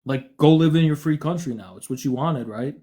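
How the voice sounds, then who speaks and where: Hosting a livestream, a man from the United States clashes with callers in a heated, mocking, combative manner. His voice is a little high and mellow, and he talks slightly fast.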